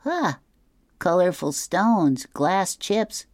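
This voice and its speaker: A man's voice: sits high, sing-song, very slow, no room sound, pitched above the performer's own voice, heavily acted. A man voicing a young schoolboy from a comic strip in a raised, eager voice. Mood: chirpy.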